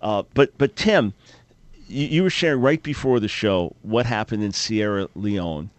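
A man's voice: on the low side, a little slow, no echo. A man hosting a radio talk show, interviewing a guest, prompting him and explaining context. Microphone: studio microphone.

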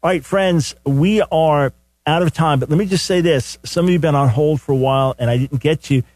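A man's voice: fairly high pitch, brisk, darkish tone, no echo. An older man hosting a call-in radio show, teaching from the Bible in an earnest, conversational way and often repeating words as he starts a sentence. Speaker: radio talk show host. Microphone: studio microphone.

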